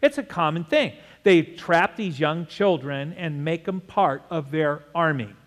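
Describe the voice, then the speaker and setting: Older preacher with ringing hall reverb. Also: male voice, fairly high pitch, expressive, measured pace. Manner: emphatic preaching, repeats words, asks congregation to repeat. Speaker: pastor. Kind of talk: sermon.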